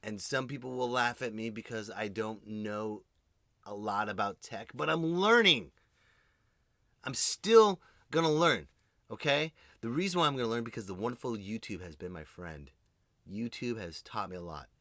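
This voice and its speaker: Forceful low-voiced male podcast host. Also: normal speed, no echo, clean studio sound. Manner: animated, ranting, swears freely; addresses listeners directly. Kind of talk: comedic solo monologue.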